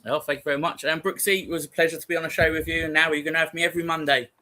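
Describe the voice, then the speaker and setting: A man hosting a relaxed fan podcast at a quick clip, his voice bright and a touch high. He keeps the chat friendly and jokey. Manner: chatty, welcoming, jokey. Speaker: podcast host. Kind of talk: casual football fan chat.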